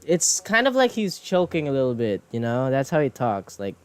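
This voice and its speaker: This streamer and animator has a medium-pitched, clean voice that swoops wildly in pitch at a normal speed. He draws while chatting casually, rambling and poking fun at himself with frequent swearing and laughter, over quiet background music.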